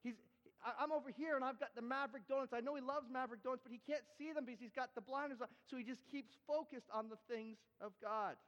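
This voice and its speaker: A man with a very high voice preaches animatedly to his congregation and often repeats and restarts his phrases. The sound is dull and carries a long hall echo. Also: fast talker, fairly bright tone. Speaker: pastor. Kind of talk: sermon with props and demonstrations. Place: church hall.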